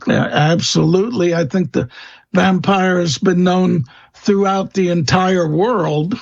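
Male interview guest, unhurried and halting, high gravelly tone, muffled recording. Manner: slow, hesitant, many fillers and restarts. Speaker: guest expert on vampire lore. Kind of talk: interview answers.

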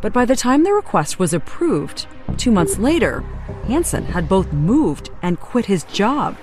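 A woman correspondent giving measured, dramatic scripted documentary narration. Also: mid-range voice, very animated, darkish tone. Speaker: TV news correspondent. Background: music underscore.

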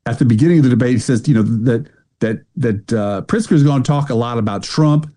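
A man's voice: medium pitch, a little fast, warm tone. A middle-aged man co-hosting a podcast, chatting casually with wry, sardonic storytelling. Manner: wry, sardonic storytelling, does mocking voices. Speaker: podcast co-host. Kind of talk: casual chat.

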